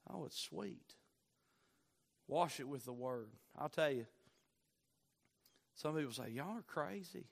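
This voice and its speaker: A pastor preaching a Wednesday night sermon, building from quiet asides to impassioned, near-shouted peaks. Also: male voice, mid-range voice, takes it slowly, vocal fry, pauses often.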